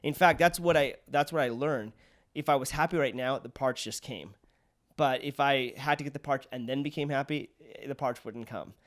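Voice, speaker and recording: Casting: young male podcast host, mid-pitched, upbeat and easygoing, agrees a lot. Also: moderate pace. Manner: upbeat and agreeable, lots of "yeah". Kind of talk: casual interview chat.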